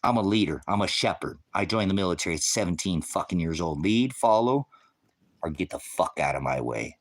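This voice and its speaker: Low and animated, this middle-aged livestream host speaks briskly. His rant is heated, profane and confrontational, aimed straight at his viewers and the chat.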